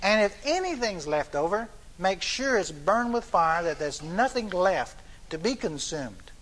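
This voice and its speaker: A man's voice: high-pitched, big pitch swings, unhurried, a bit bright. An older man preaching a sermon, reading scripture aloud and then explaining it in plain talk with frequent restarts.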